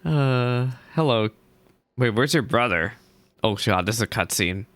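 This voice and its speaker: A man's voice: mid-range voice, lively intonation, a little slow, fairly bright tone, no echo. A man chatting casually while playing through a game, reading quest lines aloud, laughing and joking as he goes. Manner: chatty, laughs often, swears mildly. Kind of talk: casual let's-play commentary.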